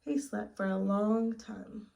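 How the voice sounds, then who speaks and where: Slow, gentle woman reading to children. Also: mid-range voice, creaky, rough recording. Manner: gentle, asks listeners questions. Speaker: story time reader. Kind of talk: children's read-aloud.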